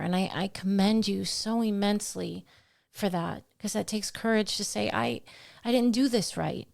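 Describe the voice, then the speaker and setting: An earnest woman talks on a Christian podcast, retelling her own family struggles with real feeling. Her pitch sits in the middle of the usual range, and she slips into other voices when quoting people. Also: gravelly. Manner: earnest, heartfelt, animated retelling. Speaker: podcast co-host. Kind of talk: faith conversation, personal storytelling.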